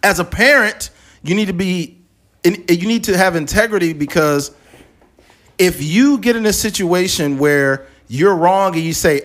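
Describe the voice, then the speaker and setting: Male podcast host, slightly high voice, frank and profane, animated storyteller. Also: moderate pace. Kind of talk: casual podcast chat.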